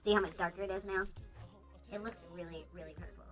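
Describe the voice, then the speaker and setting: A woman's voice: lowish voice, steady tone, quick pace, faint music behind. A woman vlogging casually at home, rambling and chatty with lots of asides and fillers. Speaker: beauty vlogger. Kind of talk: casual chatty DIY vlog.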